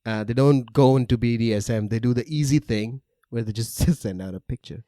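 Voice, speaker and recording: A man's voice: medium pitch, fairly quick, dark tone, dry recording, studio quality. A young man co-hosting a casual podcast chat, joking and laughing between his words. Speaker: podcast co-host.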